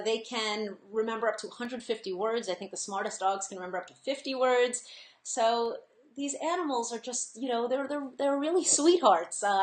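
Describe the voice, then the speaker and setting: Chatty woman presenting in an echoey room. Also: fairly high pitch. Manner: chatty, earnest, laughs often, many fillers. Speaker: webinar host. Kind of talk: casual presentation.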